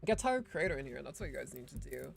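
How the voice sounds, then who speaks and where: A woman's voice: low-pitched, very animated, fast, gravelly, soft background music. A woman streaming a video game, giving casual, sarcastic commentary that rambles with lots of "like" and "um". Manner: sarcastic, rambling, full of fillers like "like" and "um".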